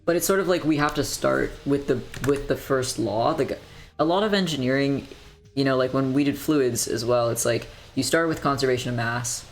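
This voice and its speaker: A young man in college chatting casually on a study stream, rambling and muttering to himself while he works through engineering problems. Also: medium pitch. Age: young adult.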